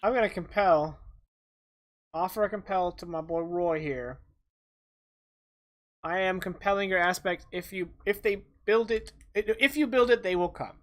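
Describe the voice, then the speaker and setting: A man's voice: high voice, measured pace, long pauses. Laid-back male game master. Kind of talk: running a tabletop game.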